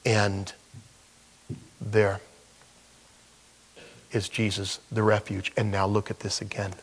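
A man's voice: fairly low pitch, completely flat delivery, slow pace, husky, big-room sound. An older man, a pastor and grandfather, preaching a sermon in a conversational, folksy way with asides.

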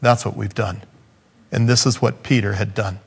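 A man preaches a sermon, acting out scripture quotes, rising in pitch for emphasis and dropping low on key points. His tone is steady, slightly rough and creaky, at a normal speed.

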